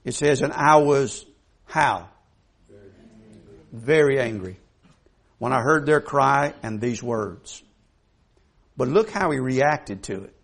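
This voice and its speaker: A man's voice: mid-range voice, animated, slow, pauses often, a bit bright. A man preaching a sermon in a folksy, emphatic way, putting questions to the congregation.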